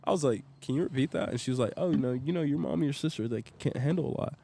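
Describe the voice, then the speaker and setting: A young man tells a story as a podcast guest, in a loose and chatty way. He gets animated and acts out each quoted line as he goes. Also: mid-range voice, very fast, vocal fry, slightly rough. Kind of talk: casual storytelling.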